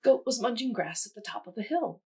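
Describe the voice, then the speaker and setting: Animated woman reading a children's story. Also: fairly high pitch, brisk, slightly rough. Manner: animated, friendly teacherly. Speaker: science museum educator. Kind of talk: children's storybook read-aloud.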